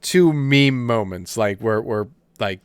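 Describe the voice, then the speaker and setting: A man co-hosting a podcast, rambling through animated retellings of comedy sketches with lots of fillers and restarts, laughing as he goes. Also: on the low side, takes it slowly, clean tone, no echo, studio quality. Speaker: podcast co-host. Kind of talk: casual chat.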